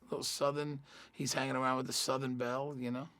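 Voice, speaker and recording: A man's voice: mid-range voice, level tone, fast talker, a bit bright, dry recording. A man, a voice actor, talking enthusiastically about his film in a promotional interview.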